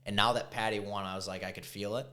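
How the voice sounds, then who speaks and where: A man's voice: lowish voice, fast. A man in his twenties chatting casually as a podcast co-host, telling stories with lots of laughter. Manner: laughing, animated storyteller. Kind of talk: casual chat.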